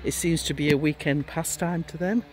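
A man's voice: a little high, fairly even intonation, moderate pace, darkish tone. A man in his seventies, out of breath, chatting wryly and self-deprecatingly in a casual garden vlog, outdoors. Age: 70s. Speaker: gardening vlogger. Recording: faint outdoor noise, neighbours cutting trees. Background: faint sounds of tree work nearby.

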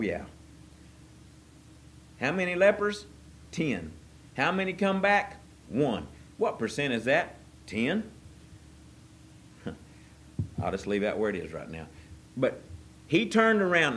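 A pastor delivering a sermon in a folksy, conversational way, talking straight to his congregation. His prayers are hushed and earnest, and his preaching builds into loud, emphatic stretches with plenty of repetition. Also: mid-range voice.

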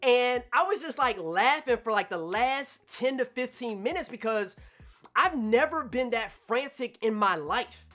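A man telling a personal story to camera in an animated way, acting out his own past thoughts. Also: extremely high pitch, unhurried. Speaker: vlogger.

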